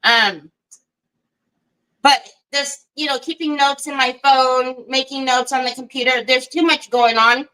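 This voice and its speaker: A woman's voice: high voice, bright, forceful tone, rough recording. A woman hosting a casual craft livestream, chatting to viewers by name, laughing often and teasing herself. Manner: self-deprecating and giggly.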